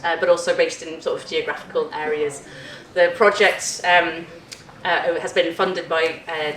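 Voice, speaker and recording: Woman, conference panel chair, lower voice, chatty and laughing, echoey hall, distant mic. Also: a bit bright. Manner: chatty, laughing, lots of ums. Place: conference room.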